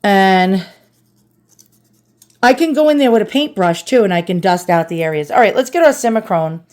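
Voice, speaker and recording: A woman's voice: mid-range voice, animated, normal speed, a little mellow. A woman with a New York accent chatting casually to viewers while cleaning an antique at home, self-deprecating and talkative. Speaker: antiques restoration vlogger. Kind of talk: casual restoration vlog.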